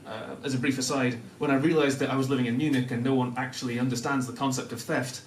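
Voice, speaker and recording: A young man from Newcastle with a softened Northern English accent, telling a self-deprecating personal story to a live audience, often laughing as he talks. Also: medium pitch, fairly even intonation, quick pace, a little hiss or hum. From Newcastle, North of England. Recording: echoey room, mic at a distance.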